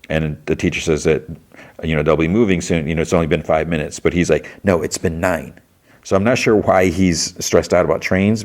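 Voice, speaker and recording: Man with a low voice, podcast host, casual rambling recap, lots of filler words, quotes characters with a lifted voice. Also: darkish tone. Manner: rambling, full of "like" fillers and restarts; quotes characters in a lightly raised voice.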